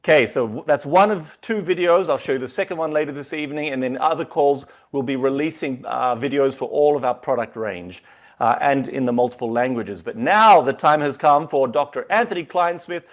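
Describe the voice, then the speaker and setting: A man hosting a company video call, hyping the guest with excitable introductions. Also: mid-range voice, a little fast. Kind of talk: enthusiastic online meeting hosting.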